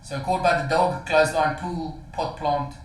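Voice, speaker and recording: A man's voice: a little high, fairly even intonation, normal speed, echoey room, slight background noise, rough recording. A man co-hosting a casual sport podcast, jokey and laughing often. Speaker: podcast co-host.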